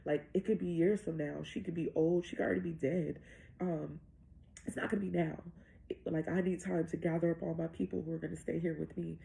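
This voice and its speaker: A woman doing a smooth-talking devil. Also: deep voice, steady tone, fairly quick, warm tone, slight background noise, rough recording. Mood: persuasive. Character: smooth-talking male devil, casual and persuasive.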